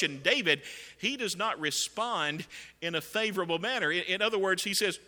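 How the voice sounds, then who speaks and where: A man's voice: high-pitched, lively intonation, normal speed. A man preaching a sermon with emphatic delivery that swells at key points. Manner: emphatic, rising to loud acted quotes. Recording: long hall reverb.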